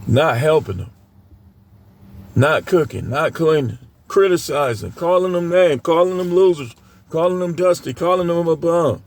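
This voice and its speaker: A middle-aged man delivers a blunt, scolding rant to camera. His voice sits high for a man and has a rough, gravelly edge. He lectures his listeners in a preachy, no-nonsense way. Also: lively intonation, moderate pace, a little hiss or hum. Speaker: dating commentator. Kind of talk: ranting commentary to camera.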